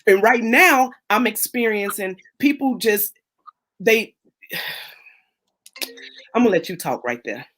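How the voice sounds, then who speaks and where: A woman hosting a casual chat over a video call, animated and repeating herself, acting out the voices of people she quotes. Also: mid-range voice, slow, long pauses, slight background noise. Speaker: host of a live chat.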